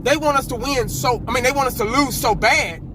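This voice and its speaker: A man ranting casually to his viewers as a sports fan, animated and sarcastic, repeating himself and dropping into mock whispers. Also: extremely high pitch, fairly quick, background noise. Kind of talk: casual fan rant to camera.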